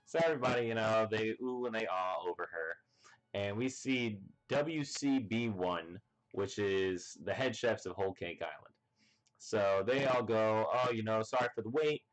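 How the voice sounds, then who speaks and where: A fairly low-voiced man rattles through a comic chapter recap in a loose, rambling way. He leans on filler words and keeps slipping into the characters' lines with eager energy. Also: unhurried. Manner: rambling, full of "you know" and "like" fillers; excited, acts out characters' lines. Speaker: manga reviewer.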